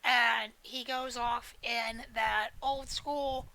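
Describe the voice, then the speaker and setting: A woman's voice: fairly high pitch, fairly even intonation, drawn-out words, pushed and bright, no room sound, rough recording. A woman streaming a video game, chatting casually in a rambling, joking way with plenty of swearing. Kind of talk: casual live-stream chat while gaming.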